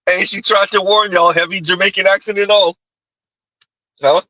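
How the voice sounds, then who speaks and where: A male commentary host with a sharp, forceful, fairly high voice talks rhetorically and keeps throwing "huh?" at his viewers. The recording is close and dry. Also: fairly even intonation, normal speed, dry recording, highs cut off. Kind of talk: reaction commentary.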